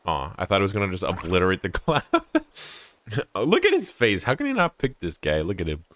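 A young man giving jokey, animated let's play commentary, often breaking into laughs. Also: low-pitched, quick pace, no echo. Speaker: gaming YouTuber.

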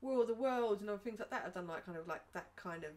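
A woman's voice: medium pitch, quick pace, distant mic, a loud crowd. A woman co-hosting a film podcast in casual chat, hedging with lots of fillers. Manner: chatty, hedging with fillers like "like" and "kind of". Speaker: podcast co-host.

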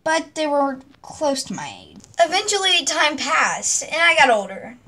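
A woman's voice: high-pitched, sing-song, a little slow, sharp tone. A woman narrating her homemade role-play story in a plain, reflective way.

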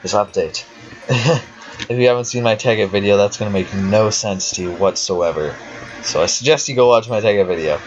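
A man's voice: lowish voice, moderate pace, music in the background. A young man giving casual commentary while he plays a game, chatty and talking to himself, swearing now and then. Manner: chatty, swears and laughs often, talks to himself. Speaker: let's player. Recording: dull lo-fi home recording with faint hiss.

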